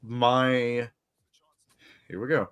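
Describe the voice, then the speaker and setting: A man co-hosting a casual podcast, telling rambling deadpan jokes. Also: medium pitch, drawn-out words, clear, resonant tone, no echo. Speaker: podcast co-host. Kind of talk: casual chat.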